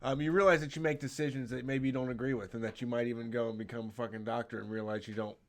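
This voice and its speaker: A young man co-hosting a casual talk show. He agrees readily and drifts into long, loose thoughts. His voice sits at an ordinary middle pitch. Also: fairly even intonation, quick pace. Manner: agreeable, laughs along, rambling. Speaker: co-host. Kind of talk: casual chat.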